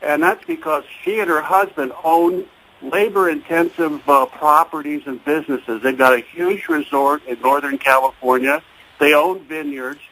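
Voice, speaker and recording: Hesitant male caller with a bright voice. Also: a little high, moderate pace, low-quality recording. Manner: hesitant, full of fillers and restarts. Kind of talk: call-in talk radio.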